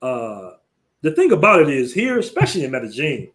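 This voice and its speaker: A man's voice: mid-range voice, wildly swooping pitch, brisk, a bit bright. An American man hosting a casual livestream, talking in loose slang and laughing often as he tells stories and reads out viewer messages. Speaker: livestream host. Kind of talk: casual live-stream talk.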